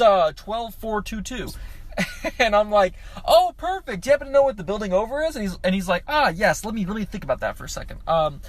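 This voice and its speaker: A young man who drives for food delivery, telling a profane, animated story about a late-night drop-off, recorded on a handheld phone outdoors at night. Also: on the high side. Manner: profane, animated retelling with laughs. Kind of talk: casual storytelling vlog. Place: outdoors at night near apartment buildings.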